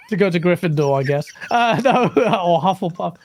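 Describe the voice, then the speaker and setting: A man's voice: high-pitched, animated, normal speed. A young man with an English accent co-hosting a gaming podcast, playful and laughing often as he chats. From England. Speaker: podcast co-host. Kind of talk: casual podcast chat.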